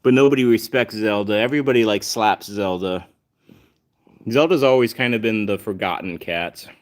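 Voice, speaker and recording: A man's voice: on the low side, moderate pace. A man hosting a casual livestream, reading chat aloud and chatting to his cats, with dry sarcastic humor.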